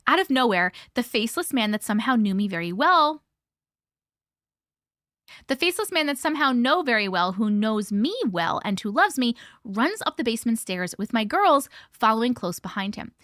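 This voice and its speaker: Reading a listener's story on her live stream, this woman host is blunt and expressive, peppering it with swearing and reactions. She has a voice on the high side, a bit bright, with big pitch swings and a moderate pace. The recording is studio quality, without room sound.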